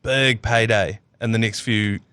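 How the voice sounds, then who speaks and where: A man's voice: fairly low pitch, fairly even intonation, measured pace, pushed and bright, clear, resonant tone, no room sound. A man with a New Zealand accent hosting a sports podcast in a rambling, joking way and laughing often. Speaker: podcast host. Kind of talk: casual sports chat.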